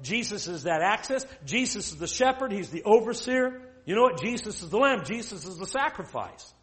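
High-voiced man preaching emphatically. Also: sing-song, fairly bright tone. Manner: emphatic, rhetorical questions, reads scripture slowly. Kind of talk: sermon.

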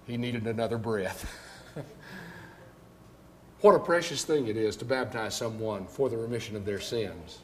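An older man preaching a sermon, moving between quiet storytelling and loud, emphatic declarations. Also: on the low side, normal speed, long pauses, a little hiss or hum.

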